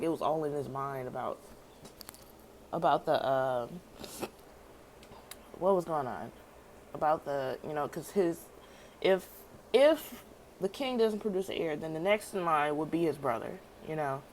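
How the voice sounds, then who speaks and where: Chatty woman recapping a show, lowish voice. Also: moderate pace, pauses often, a little hiss or hum, poor audio. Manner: animated, laughs often, slangy asides. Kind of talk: casual episode recap.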